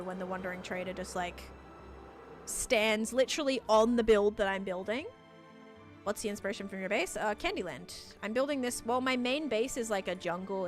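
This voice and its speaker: An Australian woman streaming a building game, chatting casually and reading out viewer comments with frequent laughter. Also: medium pitch. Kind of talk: casual live-stream chat while gaming.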